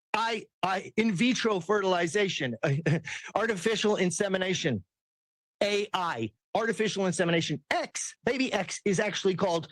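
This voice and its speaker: Ranting high-voiced man, dry close sound. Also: fairly bright tone, no echo. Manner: ranting, sarcastic, mimics people in quotes. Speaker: commentary host. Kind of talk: heated political commentary.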